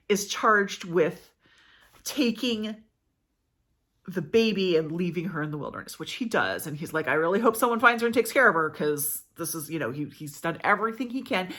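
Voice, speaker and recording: Chatty woman vlogger, husky lowish voice, lots of pitch swing. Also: a bit bright. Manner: chatty, self-correcting. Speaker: book vlogger. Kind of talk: casual plot summary.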